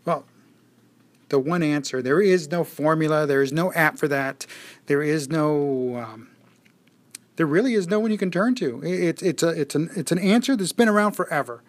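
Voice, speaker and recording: A man's voice: fairly high pitch, lively intonation, moderate pace. A man giving a casual daily motivational monologue, reflective, often repeating phrases and shifting his pace.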